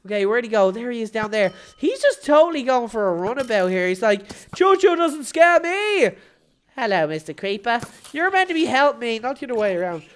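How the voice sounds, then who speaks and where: Excitable woman shouting over game commentary. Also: a little high, fast, few pauses. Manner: excitable, shouts at big moments, playful made-up words. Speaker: gaming channel host. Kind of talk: live gameplay commentary.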